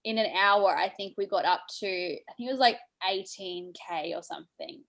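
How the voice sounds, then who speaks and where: A woman's voice: medium pitch, moderate pace, a bit bright. Chatty woman in her twenties. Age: 20s. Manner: filler-heavy, says "like" a lot. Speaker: channel co-host, guest. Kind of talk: casual storytelling.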